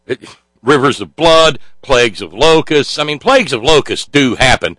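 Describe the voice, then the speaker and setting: A sarcastic Southern man with a bright, forceful voice talks casually and rambles through mocking commentary. His sound is dry and close, with no room around it. He shifts between jokes and asides with a loose, offhand manner. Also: medium pitch, animated, normal speed, no echo. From Southern United States. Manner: mocking, sarcastic, puts on cheesy accents.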